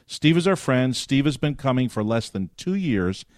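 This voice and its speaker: An older man in casual podcast chat, spinning a story at a mid-range pitch. He trades joking banter with his co-host. His voice sits dry and close to the mic. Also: very animated, moderate pace, darkish tone, no room sound.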